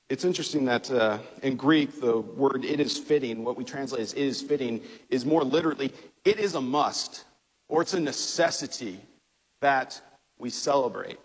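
Male pastor, conversational sermon delivery, slightly husky tone, reverberant sanctuary. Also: medium pitch, normal speed. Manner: conversational preaching with fillers and restarts. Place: church sanctuary. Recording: long hall reverb.

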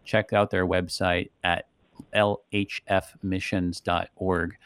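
Male pastor-host, low voice, dry studio, chatty explanatory delivery with "right?" tags. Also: little pitch movement, slow, fairly bright tone, smooth, no room sound. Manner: conversational, frequent "right?" tags. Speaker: radio show host, pastor. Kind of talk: casual theological discussion.

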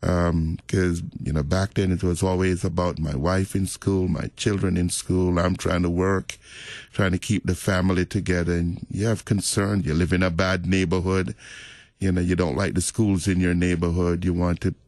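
A middle-aged man, a pastor, talking about faith in a relaxed, reflective, storytelling way. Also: sits low, normal speed, no echo. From Jamaica. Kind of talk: casual faith conversation.

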